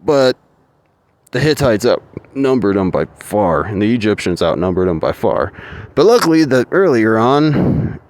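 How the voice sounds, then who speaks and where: A man's voice: fairly low pitch, sing-song, a little slow, a little mellow, no echo. A man telling a story in a casual, profane and rambling way, full of swearing and asides.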